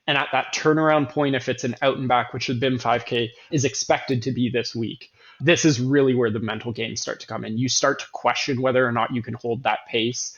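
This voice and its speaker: A man's voice: mid-range voice, fairly even intonation, a little fast, a bit bright. Earnest guy talking race pacing, keeps repeating himself for emphasis, kinda dull lo-fi sound. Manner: earnest, self-correcting, emphatic repetition. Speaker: running coach host. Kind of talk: casual podcast talk.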